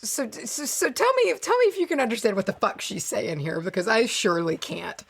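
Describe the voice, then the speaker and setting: Woman, podcast co-host, casual chat, higher voice, sarcastic asides. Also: very animated, fairly quick, vocal fry, husky. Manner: reads aloud with exasperated, sarcastic asides.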